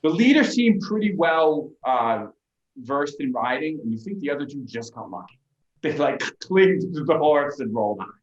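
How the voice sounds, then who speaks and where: A man narrating a tabletop game as game master, with lively delivery and frequent restarts. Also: a little high, moderate pace, roomy sound, dull audio.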